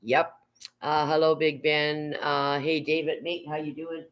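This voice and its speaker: An older woman hosts a relaxed livestream from her home. She rambles from one thing to the next, reads viewers' comments aloud and swears casually. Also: deep voice, measured pace, a little hiss or hum, poor audio. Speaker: livestream host.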